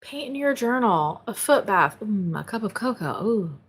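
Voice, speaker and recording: A woman's voice: medium pitch, expressive, moderate pace, husky. A woman hosting a spirituality live stream, chatting casually and reading out viewer comments. She is bubbly and exclamatory, laughs often and swears casually. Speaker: spirituality livestream host. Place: home office.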